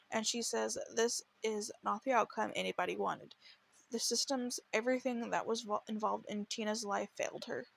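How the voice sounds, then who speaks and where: A woman's voice: a little high, vocal fry. A woman hosting a true crime podcast, telling the case in an earnest, emotional way and stumbling into restarts as she reads quotes. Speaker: podcast host.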